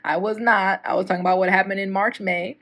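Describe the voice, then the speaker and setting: A woman's voice: mid-range voice, little pitch movement, quick pace, a bit bright. A woman adding casual, matter-of-fact asides to clarify her story for a vlog. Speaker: storytime vlogger.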